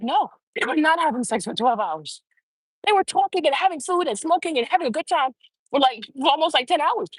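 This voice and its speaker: A woman's voice: sits high, dry recording. A woman hosting her own show, giving heated, profane opinion commentary and repeating phrases for emphasis. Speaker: show host.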